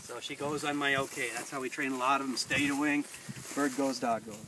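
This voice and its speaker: A man working as a dog trainer, explaining an outdoor training session in a relaxed way and chatting to the dog. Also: medium pitch, brisk. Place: outdoors in a field by water. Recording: distant outdoor mic with noise.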